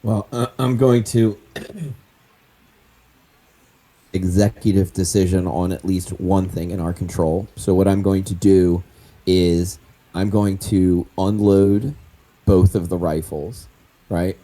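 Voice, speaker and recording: A man's voice: deep voice, steady tone, takes it slowly, pauses often, mellow. A man playing a tabletop role-playing game, decisive and laying out his plans step by step. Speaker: player.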